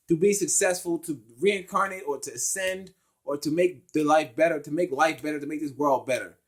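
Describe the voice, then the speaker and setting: A young man in a casual spoken monologue, blunt, profane and preachy, growing loud and emphatic as he talks. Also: a little high, breathy edge. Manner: emphatic, rising to loud outbursts. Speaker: spiritual vlogger.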